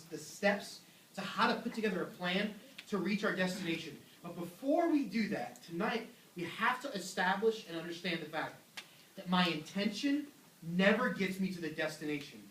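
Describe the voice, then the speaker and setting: Young male youth pastor, animated and joking, high voice, heard from afar. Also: distant mic, slight background noise. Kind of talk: youth sermon. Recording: echoey room, voice from afar.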